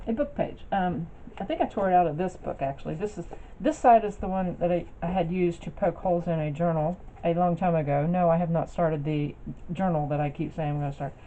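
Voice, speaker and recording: Showing her craft projects to the camera, a woman chats casually at a moderate pace in a warm, lowish voice, rambling with lots of fillers and restarts. She's a craft vlogger, and the lo-fi recording is dull with faint noise.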